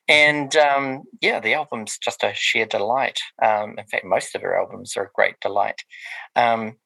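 A gravelly-voiced man chats about music on a podcast. His voice is low-pitched yet bright, and it rambles along with plenty of ums and restarts. The recording is close and dry. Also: unhurried, no room sound, rough recording. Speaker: podcast co-host reviewing music. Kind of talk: casual chat.

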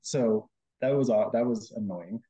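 A man with a low, mellow voice recalls his story in an easygoing, chatty way, often acting out what he said back then. The recording sounds a bit dull and muffled. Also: a little slow. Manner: chatty, quotes himself often, many fillers. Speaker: guest, host's husband. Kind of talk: casual conversational storytelling.

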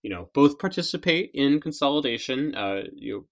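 A man's voice: mid-range voice, animated, normal speed. A man co-hosting a podcast, speaking casually with many fillers and repeated words. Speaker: podcast co-host. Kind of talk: casual chat.

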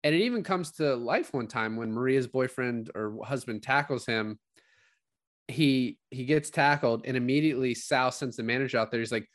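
A man's voice: mid-range voice, moderate pace, no room sound, studio quality. A man co-hosting a podcast, talking casually about a film and acting out its lines with bursts of laughter. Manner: animated, acts out quotes from scenes with laughs. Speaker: podcast co-host. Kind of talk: casual movie discussion.

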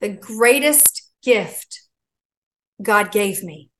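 A middle-aged woman telling a long personal story as a guest, animated and acting out the voices she quotes. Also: mid-range voice, very slow, rough recording. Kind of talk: casual storytelling.

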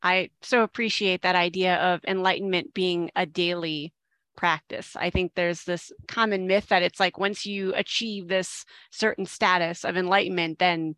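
A woman's voice: lowish voice, steady tone, moderate pace, a bit bright, no room sound. A woman hosting an interview, asking appreciative questions. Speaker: interviewer host. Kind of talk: interview conversation.

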